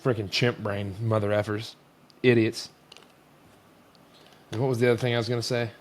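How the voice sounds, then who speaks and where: A man's voice: on the low side, little pitch movement, normal speed. A young man hosting a casual sports rant, exasperated and rambling as he vents. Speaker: host.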